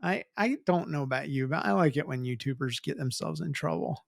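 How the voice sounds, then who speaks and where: A man's voice: a little high, fairly quick, gravelly, no echo, clean studio sound. A man hosting a podcast, chatty and teasing in casual comedic talk. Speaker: podcast host.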